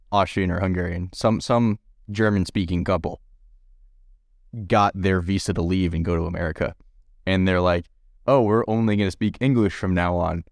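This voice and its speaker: A man's voice: sits low, dry recording. A man co-hosting a podcast, chatting casually about a movie in a rambling, self-deprecating way and chuckling at his own jokes. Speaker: podcast co-host. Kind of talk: casual film discussion.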